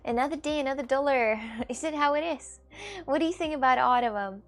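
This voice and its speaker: A woman livestreamer chatting casually with her viewers and answering their questions, halting, with many fillers and restarts, and swearing casually. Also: high-pitched. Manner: answers chat questions aloud. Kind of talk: casual stream chat.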